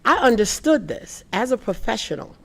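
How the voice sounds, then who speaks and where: A woman's voice: fairly high pitch, normal speed, vocal fry. A woman speaking on a panel about mental health. She talks earnestly, restarts often, and animates the people she quotes. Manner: earnest, acts out quoted people in lively voices. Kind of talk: panel talk.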